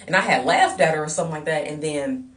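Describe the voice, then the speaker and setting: A woman with a low, deep-set voice tells a storytime rant, blunt and full of swearing. She sits somewhat back from the microphone, so her voice carries a little distance. Her delivery stays heated and emphatic. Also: expressive, fairly quick, fairly bright tone. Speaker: vlogger. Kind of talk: ranting storytime.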